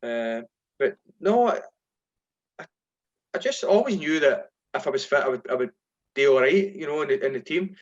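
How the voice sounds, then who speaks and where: A middle-aged Scottish man, a former footballer, telling lively anecdotes in a casual interview and acting out voices when he quotes people. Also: on the high side, moderate pace, pauses often, dull audio. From Scotland. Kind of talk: casual storytelling.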